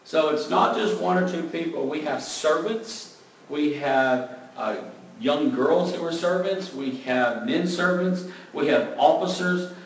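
A man giving a conversational Bible teaching, relaxed and thinking aloud, openly admitting what he is unsure of. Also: a little high, measured pace. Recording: very echoey room, mic far off, faint background noise.

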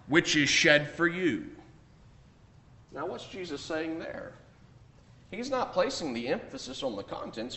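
A man preaching a sermon, emphatic, rising on key points and dropping low on asides. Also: sharp tone. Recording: echoey room.

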